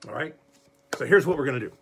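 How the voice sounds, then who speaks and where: A man leading a livestreamed Bible study as pastor, folksy and animated, talking straight to his viewers. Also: mid-range voice, quick pace, slight background noise.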